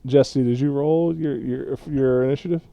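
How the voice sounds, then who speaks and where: A man narrating as game master of a tabletop game, loose and halting, with frequent laughs. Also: mid-range voice, fairly even intonation, gravelly, dark tone, dry recording, highs cut off.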